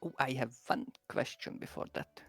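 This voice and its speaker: A man's voice: normal speed, a bit bright, no room sound, faint music behind. A man playing in a tabletop game, methodically reading his character's abilities aloud. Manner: methodical, reads ability text. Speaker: player.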